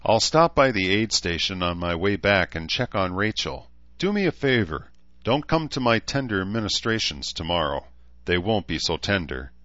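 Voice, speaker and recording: A man's voice: deep voice, sing-song, moderate pace, fairly bright tone, dry recording, dull audio. A man doing a bitter, hot-tempered woman. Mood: curt, bitter. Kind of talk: audiobook character voice.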